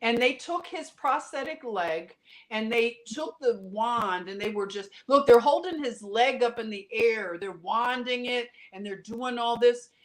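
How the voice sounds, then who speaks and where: A woman guest on a podcast, telling a story with passion and bursting out loudly at times, in quick runs full of restarts. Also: fairly high pitch. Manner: impassioned, animated storytelling with sudden loud outbursts; talks in quick runs with many restarts and fillers. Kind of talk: casual podcast conversation.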